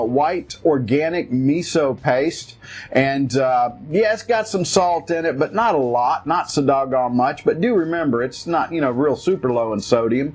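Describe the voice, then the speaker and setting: A man hosting his own home cooking show, talking in a folksy, jokey, colloquial way. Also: a little high. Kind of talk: casual cooking demo.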